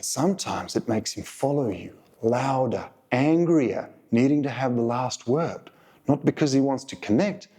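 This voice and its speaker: A man hosting a relationship advice channel, speaking in a calm, deliberate coaching monologue to viewers. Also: medium pitch, breathy edge.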